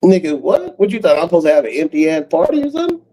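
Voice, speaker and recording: A man's voice: fairly high pitch, very animated, racing, dark tone, rough recording. A man YouTuber talking in a casual rambling monologue, full of street slang, chuckles and trailing fillers.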